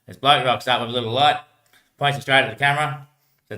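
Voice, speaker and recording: Aussie bloke rambling thru his stories, sharp bright voice, echoey sound. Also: mid-range voice, steady tone, fast talker. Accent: Australian. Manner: rambling, laughs often, drops his voice at the ends of lines. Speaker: homeless man telling stories. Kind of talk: rambling casual storytelling.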